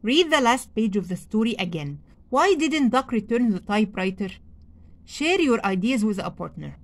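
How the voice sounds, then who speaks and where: A woman whose first language is Arabic reads a children's storybook aloud as a teacher, with slow, expressive delivery and pauses to ask the class questions. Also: a little high. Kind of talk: read-aloud story lesson for young children.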